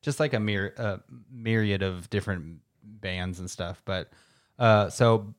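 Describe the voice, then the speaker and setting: Low-voiced man, rambling chat. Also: a little slow. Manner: rambling, filler-heavy, restarts often. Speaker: podcast co-host. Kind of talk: casual chat.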